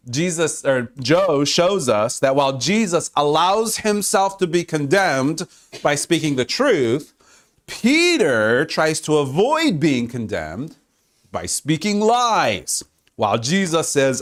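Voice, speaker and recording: A man preaching a sermon, swinging between loud exclamations and hushed, quiet stretches. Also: a little high. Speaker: pastor.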